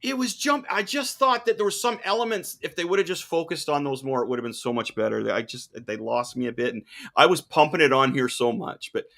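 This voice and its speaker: A man hosting a casual chat, enthusiastic and quick to laugh. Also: a little high, animated, creaky, fairly bright tone. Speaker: host.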